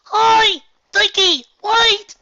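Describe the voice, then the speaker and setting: Pipsqueak, a man doing a loud excited young colt. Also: high voice, quick pace, no room sound, muffled recording, pitched above the performer's own voice. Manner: shouting, eager.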